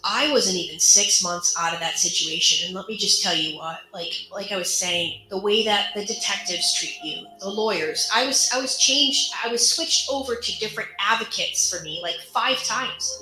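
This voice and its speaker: Woman, personal storyteller, earnest and emotional; bright forceful tone, roomy echo, faint music under. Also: mid-range voice. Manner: earnest, emotional retelling with quoted dialogue. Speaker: survivor telling her story.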